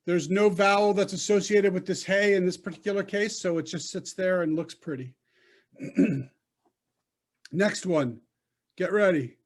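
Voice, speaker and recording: A man teaching a Hebrew reading class over a video call, coaching patiently and sounding out syllables. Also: on the high side. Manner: patient, coaching, slow and deliberate. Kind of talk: online class instruction.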